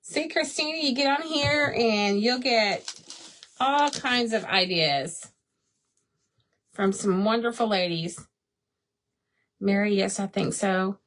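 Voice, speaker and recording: A woman's voice: mid-range voice, slow pace, long pauses, fairly bright tone. A woman hosting a craft livestream, chatting casually, laughing often and answering viewers by name. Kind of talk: casual live chat while crafting.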